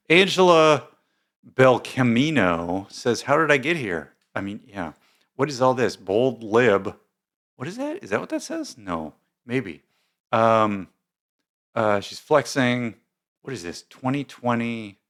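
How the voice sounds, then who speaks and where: Male commentary host, lively pitch, casual and bemused, rambling reads. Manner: bemused, rambling, many fillers and asides. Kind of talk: casual reaction commentary reading posts aloud.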